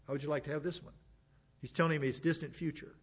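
A man's voice: a little high, steady tone, quick pace, slightly rough, highs cut off. A man teaching a sermon in a conversational way, with asides between the verses he reads. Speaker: preacher.

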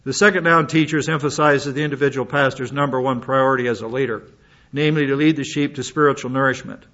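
An older male pastor delivers a folksy, meandering sermon full of restarts and homespun asides. His voice sits in an ordinary middle pitch. The recording is a little dull and lo-fi. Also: fairly even intonation, fast talker, sharp tone.

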